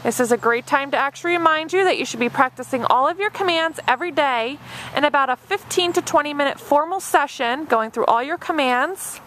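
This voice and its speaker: A woman's voice: high voice, a little fast, a bit bright, slight background noise. A woman dog trainer narrating an obedience demonstration step by step, with a patient and encouraging manner. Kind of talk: instructional narration.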